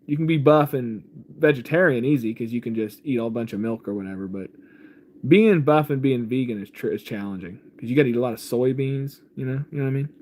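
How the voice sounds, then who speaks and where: A man's voice: medium pitch, fast, darkish tone, slight background noise. A man hosting a casual livestream about faith, reading viewer comments and answering them. He rambles loosely, chuckles often and keeps saying "man".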